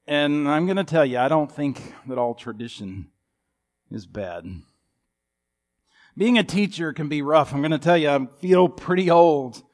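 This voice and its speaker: A man's voice: on the high side, measured pace. A man in his fifties preaching a sermon in a folksy, humorous storytelling manner. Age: 50s. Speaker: pastor.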